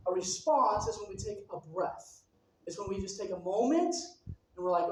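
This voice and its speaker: High-pitched and animated, a man preaches briskly in a conversational style, asking the audience questions. A little hiss or hum is audible, and the distant mic picks him up in a very echoey hall.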